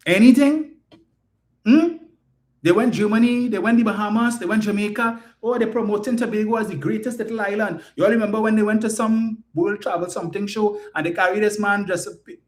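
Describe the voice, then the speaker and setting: Man, Trinidadian accent, high-pitched voice, indignant, rhetorical questions, political commentary.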